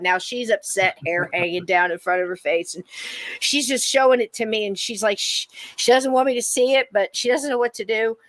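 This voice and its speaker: A middle-aged woman spins a personal story in relaxed podcast chat, her voice sitting at an ordinary middle pitch. She acts out quoted lines by leaping high and loud. The sound is close and dry, with no room around it. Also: dry recording. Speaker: podcast co-host.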